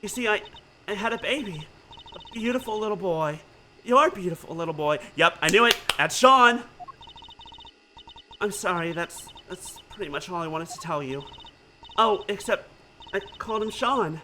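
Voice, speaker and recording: Guy doing a shy soft young mom, hesitant, quiet. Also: high voice, animated, normal speed, pauses often, noisy background. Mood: gentle.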